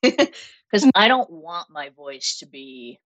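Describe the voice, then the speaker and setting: A woman in her twenties with a Massachusetts accent, telling stories as an interview guest in an animated way with frequent laughter. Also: low voice, slow pace, low-quality recording. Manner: animated storytelling, laughs often. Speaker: guest makeup artist. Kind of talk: casual interview chat.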